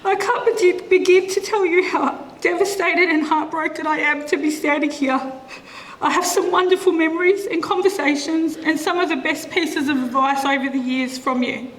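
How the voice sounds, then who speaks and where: A woman's voice: high-pitched, fairly bright tone. A middle-aged woman reading a eulogy in a church, her reading emotional and tearful. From Australia. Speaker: eulogy speaker. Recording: echoey church with faint room noise.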